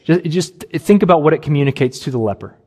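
A man delivers an earnest sermon, leaning on each point with emphatic, deliberate phrasing. His voice sits a touch higher than most men's. He drops low and soft when he speaks Jesus' words. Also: lively intonation. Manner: earnest, emphatic expository preaching with long pauses. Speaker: preacher.

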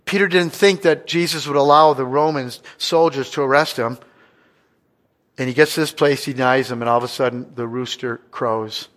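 A man preaching a sermon as pastor. He asks the congregation questions and swings between loud stretches and hushed ones. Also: medium pitch, normal speed.

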